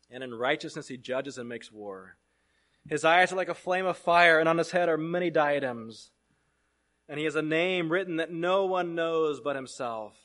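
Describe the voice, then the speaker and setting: A man preaching a sermon, reading scripture aloud and swinging between loud proclamation and hushed asides. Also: mid-range voice.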